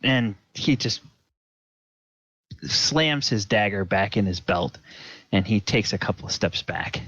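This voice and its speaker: A man runs a tabletop game in a slow, unhurried narration, hesitating often with ums and restarts. The recording is dry and close, with a dull lo-fi tone. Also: fairly low pitch, expressive, a bit bright, no room sound. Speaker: game master.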